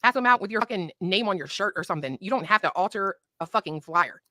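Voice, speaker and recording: A woman's voice: medium pitch, expressive, fast talker, sharp tone, dry recording. A woman guest on a livestream, talking bluntly and heatedly with heavy swearing. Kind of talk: casual chat.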